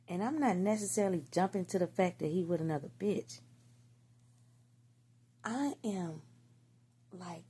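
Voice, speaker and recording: Gravelly, husky woman telling a story. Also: lowish voice, a little slow, long pauses, mellow. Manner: candid, profane, slangy storytelling. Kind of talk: casual storytime monologue.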